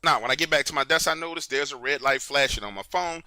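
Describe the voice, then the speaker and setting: A man narrating a true story in the first person, in a conversational, animated way. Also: medium pitch, quick pace, clear, resonant tone, no room sound.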